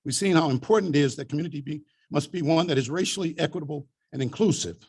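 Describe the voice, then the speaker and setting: A man over seventy giving an earnest, measured speech as an honoree at an awards event. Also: a little high, darkish tone, husky. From Des Moines, Iowa.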